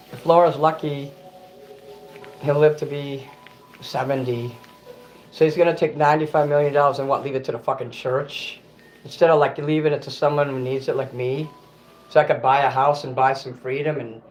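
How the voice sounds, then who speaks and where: A man on a casual livestream, ranting bitterly and cursing, often stopping to correct himself. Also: on the high side. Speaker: livestream host.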